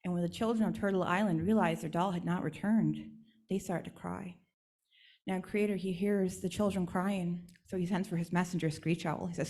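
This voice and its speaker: A woman's voice: lowish voice, fairly even intonation, normal speed. Woman telling a teaching story. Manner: warm, instructive storytelling. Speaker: guest speaker and storyteller. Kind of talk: storytelling talk at a church service. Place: church.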